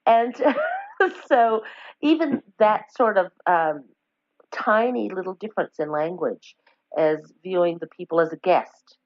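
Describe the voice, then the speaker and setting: Speaking slowly but with animation, a Newfoundland woman with a lowish voice chats casually in a podcast interview, wandering off track, correcting herself, and laughing through warm stories. The recording is dry, dull, lo-fi podcast sound.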